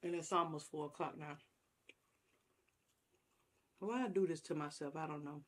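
A woman's voice: deep voice, steady tone, moderate pace. A woman vlogger chatting casually to her viewers while eating a meal on camera, savoring each bite. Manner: chatty, talks while chewing, savoring food. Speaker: mukbang vlogger.

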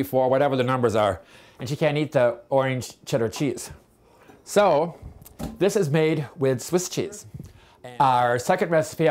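A man's voice: fairly high pitch, darkish tone. A man hosting a home cooking show, talking in a rambling, chatty way full of asides.

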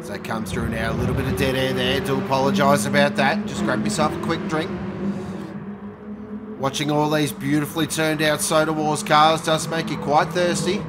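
A man commentating a sim race, joking and bursting out loud at each incident. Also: a little high, flat delivery, moderate pace. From Australia. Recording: noisy with engine sound behind.

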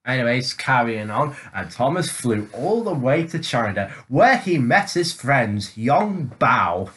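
A man's voice: medium pitch, very animated, slow pace, fairly bright tone. A young man from England narrating an improvised comedy parody, often breaking into laughter. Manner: giggly, keeps breaking into laughter.

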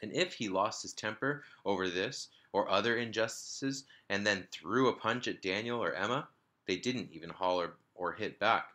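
A man, a teacher, reading a children's book aloud to his class in a lively storytelling manner. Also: deep voice. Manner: lively storytelling, small slips and restarts.

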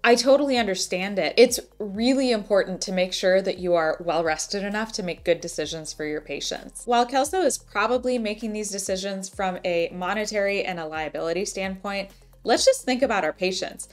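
A woman's voice: mid-range voice, brisk, faint music behind. A woman doctor giving casual, explanatory commentary while reacting to a TV episode, chatty and laughing along.

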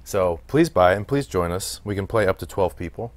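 A deep-voiced American man talks through a wrestling game on his stream in an easygoing, chatty way. He laughs a lot and swears freely as he answers the chat. The recording sounds like a desk mic at a gaming setup. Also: animated, moderate pace, dry recording. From United States. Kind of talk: casual let's-play commentary while reading chat.

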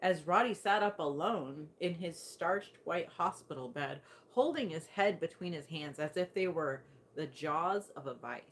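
A woman's voice: low voice, a bit bright, a little hiss or hum. A woman reading a science fiction short story aloud, putting on voices for the characters. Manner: acts out several voices in the dialogue. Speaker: audiobook reader. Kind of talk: scripted narration of a short story.

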